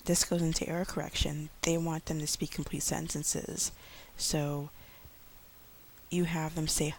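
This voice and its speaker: A woman in her thirties, an online English teacher, giving chatty tips in a casual vlog with many fillers, slowing down to model speech for young learners. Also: low voice, little pitch movement, a little hiss or hum. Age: 30s.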